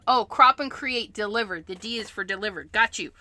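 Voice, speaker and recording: A woman's voice: medium pitch, fairly quick, pushed and bright. A woman hosting a craft livestream, chatting casually as she explains each step she works on.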